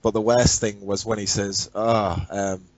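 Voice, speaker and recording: A man's voice: lowish voice, flat delivery, a little slow, darkish tone, dry recording, dull audio. A man with a northern English accent, a podcast guest talking casually and bluntly, swearing freely. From England. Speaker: podcast guest, former commissioner.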